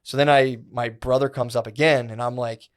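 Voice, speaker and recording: In a casual podcast chat, a co-host in his thirties recounts a story that rambles and swears freely, animatedly performing what people said along with their inner voices. His voice is medium in pitch and he speaks at a normal speed.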